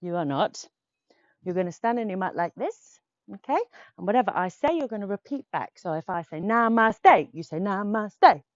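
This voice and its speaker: A woman's voice: fairly low pitch, lively intonation, fairly quick, darkish tone, dry recording, muffled recording. A woman teaching a children's yoga class, playful and sing-song as she leads poses and tells a little story.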